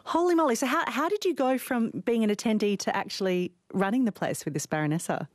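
A woman hosting a radio book show, interviewing an author with bright enthusiasm. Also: fairly high pitch, quick pace, no room sound, clean studio sound.

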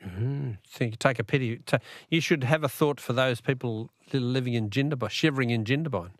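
A man's voice: mid-range voice, a little fast, no echo, studio quality. A middle-aged Australian man hosting a radio talkback quiz in a chatty, chuckling way. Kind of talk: casual radio chat. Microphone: studio microphone.

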